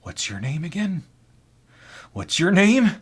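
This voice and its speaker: A manic male stock-room coworker in a storytime vlog, crude and taunting, put on by a man and swinging from low mutters up to shrill shouts. His pitch leaps wildly between his lines. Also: sing-song, slow pace, breathy edge, exaggerated voice. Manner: taunting, erupts into high screams.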